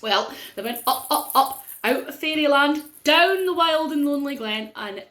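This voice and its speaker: A middle-aged woman with a North-East Scottish accent telling a story to children in a playful way, with dramatic pauses. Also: high voice, animated, fairly bright tone, reverberant.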